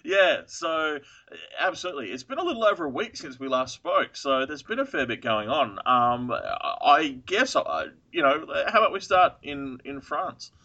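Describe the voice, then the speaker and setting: A man's voice: on the high side, sing-song, moderate pace, hardly any pauses, sharp tone, dull audio. A man co-hosting a casual podcast chat early in the morning before coffee, laughing often with casual swearing and many fillers. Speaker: podcast co-host.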